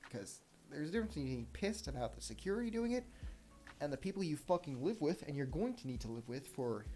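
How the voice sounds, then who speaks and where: Young male podcast host, swears a lot while venting, soft music underneath. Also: a little high, big pitch swings, quick pace. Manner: heated, profane storytelling. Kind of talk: solo podcast rant.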